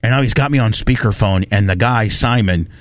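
A man hosting a radio show, telling a story in a fired-up, animated rant and quoting people as he goes. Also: on the low side, fairly quick, no room sound. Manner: animated, fired-up, quotes people in his retelling. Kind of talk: casual on-air storytelling rant.

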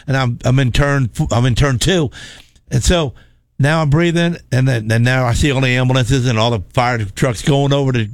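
A man telling a racing crash story in casual chat, animated and repeating words as he goes. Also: fairly high pitch, no room sound. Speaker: former race car driver telling stories.

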